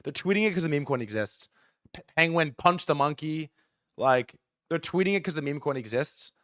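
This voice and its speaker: A man hosting a live market stream, ranting fast and heatedly with frequent swearing. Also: fairly high pitch, dry recording, clean studio sound. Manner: fast, excitable delivery. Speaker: livestream host.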